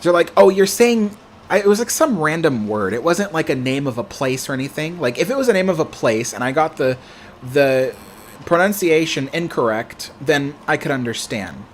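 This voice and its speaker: A man's voice: a little high, animated, normal speed, slight background noise. An American man hosting a livestream, chatting casually and answering viewer comments in a rambling, self-correcting way. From United States. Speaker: livestream host.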